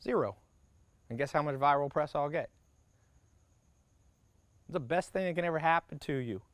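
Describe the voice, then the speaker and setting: A man's voice: on the high side, dry recording. A man giving a motivational business workshop talk, brash and profane, speaking in punchy short sentences and acting out the people he quotes. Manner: acts out quoted people in quick asides. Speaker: business mentor.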